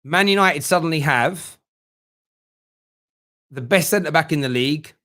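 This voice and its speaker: A man's voice: a little high, a little slow, sharp tone. A young man hosting a casual football fan live stream, joking and reading viewers' comments aloud. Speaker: fan channel host.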